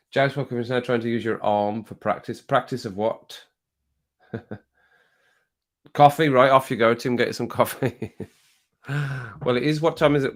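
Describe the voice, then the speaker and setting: A man chatting casually on a live stream, reading viewer comments aloud and laughing often. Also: medium pitch. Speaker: music reaction streamer.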